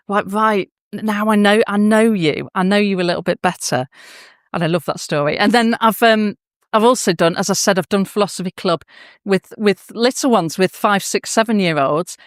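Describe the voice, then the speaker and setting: A woman's voice: mid-range voice, no echo, clean studio sound. A woman giving a conference talk to teachers, telling emotional classroom anecdotes with frequent restarts and fillers. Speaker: conference speaker. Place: conference hall.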